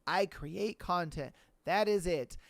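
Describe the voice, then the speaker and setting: A man's voice: high voice, slow pace, vocal fry, no room sound. A man hosting a podcast alone, ranting bluntly in casual slang with plenty of swearing. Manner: blunt, profane, animated, with slang. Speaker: podcast host. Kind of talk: casual solo rant.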